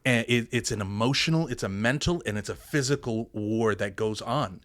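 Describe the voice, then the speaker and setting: A man's voice: medium pitch, moderate pace, fairly bright tone, dry recording. A man, a pastor and military veteran, telling his story in a candid podcast interview with earnest emphasis.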